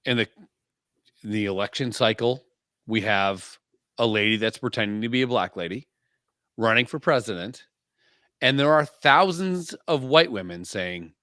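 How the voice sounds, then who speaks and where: Co-hosting a podcast, a man jokes crudely and provocatively, swearing through casual banter and shifting emphasis fast. His voice is on the low side and a bit bright, in clean studio sound with no room sound.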